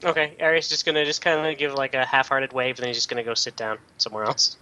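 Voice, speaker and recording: A man's voice: mid-range voice, level tone, fast, pushed and bright, a little hiss or hum. A man playing in a tabletop game, joking around and rambling with fillers. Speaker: player. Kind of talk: casual tabletop banter. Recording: dull lo-fi recording.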